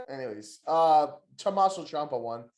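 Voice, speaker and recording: Excitable man chatting in an echoey room. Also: on the high side. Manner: excitable, laughs often, slangy. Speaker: podcast co-host. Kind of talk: casual wrestling podcast chat.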